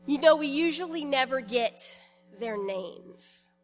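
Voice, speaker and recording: A woman pastor giving a sermon in a church in a conversational, lightly humorous way, pausing deliberately between phrases. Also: high-pitched, expressive, soft background music.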